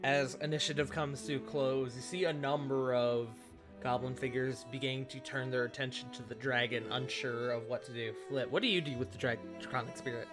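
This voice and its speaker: A man narrating a tabletop roleplaying game as game master, describing scenes with pauses and hesitations. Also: medium pitch, fairly even intonation, music in the background.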